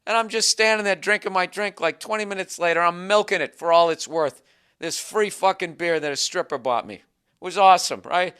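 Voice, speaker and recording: A male comedian tells a road story with excitable, profane glee. His voice is bright and crisp, sitting a little high for a man. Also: fairly quick. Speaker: stand-up comedian.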